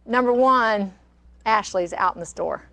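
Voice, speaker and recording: A woman's voice: medium pitch, measured pace, creaky, a bit bright. An older woman, hosting a casual cooking demonstration and chatting in a rambling, storytelling way. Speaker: cooking show host. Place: kitchen studio.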